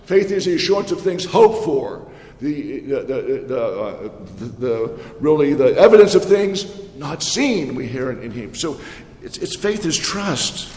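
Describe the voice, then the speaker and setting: A man preaching a sermon as a pastor, in a conversational, animated storytelling way. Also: medium pitch, a little slow, echoey room, long reverb tail.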